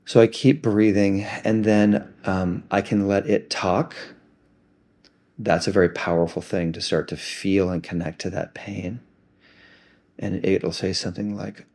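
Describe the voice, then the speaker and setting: A man gently and reflectively talking through an emotional self-help practice. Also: deep voice, little pitch movement, a little slow.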